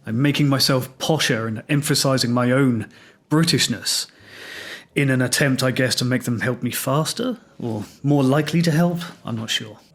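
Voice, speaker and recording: A man's voice: mid-range voice, moderate pace. A man from England with an English accent, hosting a solo podcast and telling his own story in a reflective, wry, self-deprecating way. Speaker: podcast host.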